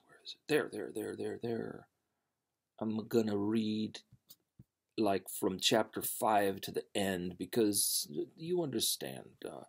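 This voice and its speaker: Low gravelly man rambling casually. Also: darkish tone. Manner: rambling, halting, many fillers and restarts. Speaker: storytelling channel host. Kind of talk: casual spoken intro before a reading.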